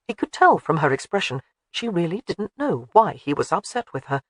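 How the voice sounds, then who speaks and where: An audiobook narrator reading a historical romance with expressive storytelling. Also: mid-range voice, normal speed, no echo, clean studio sound.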